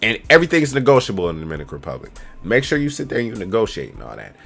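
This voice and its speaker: A man's voice: fairly low pitch, huge pitch swings, rapid-fire, gravelly, fairly bright tone, faint music behind. A man in his twenties giving loose, slangy, rambling travel advice straight to camera as a casual vlogger. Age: 20s.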